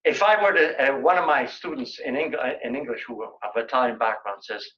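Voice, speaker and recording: A man's voice: medium pitch, fairly quick, sharp tone, muffled recording. An older man giving a colloquium lecture in a lecture room, telling joking anecdotes in a chatty way.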